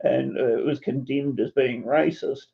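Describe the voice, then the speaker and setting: A gravelly-voiced man joins the panel over dull, lo-fi audio. He talks haltingly, with frequent ums and uhs. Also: mid-range voice, fairly even intonation. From New Zealand. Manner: hesitant, many uhs and ums. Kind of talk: casual panel chat.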